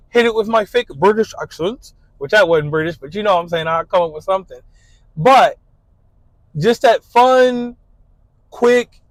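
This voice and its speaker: A man with a fairly high voice tells a relaxed, slangy story in casual monologue. He leans on fillers and loose street talk. The recording is close and dry, with no room sound. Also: dry recording, low-quality recording. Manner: laid-back, slangy storytelling with frequent fillers. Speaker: guest describing his ideal date.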